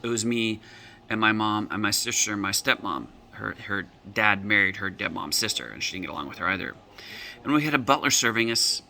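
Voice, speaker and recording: A man's voice: lowish voice, vocal fry, pushed and bright, slight background noise. A male coach telling client stories, acting out their quoted words as back-and-forth dialogue. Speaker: emotional reset coach. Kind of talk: storytelling talk with client examples.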